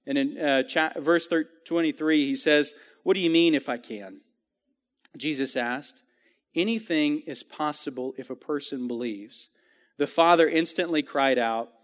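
A man's voice: fairly high pitch, a little slow, big-room sound. A man giving a sermon in a church, talking earnestly and conversationally with frequent restarts and fillers. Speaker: preacher. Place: church sanctuary.

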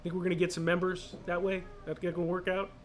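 A man's voice: sits high, completely flat delivery, quick pace. A male pastor preaching a sermon in a casual way, with joking, sarcastic asides.

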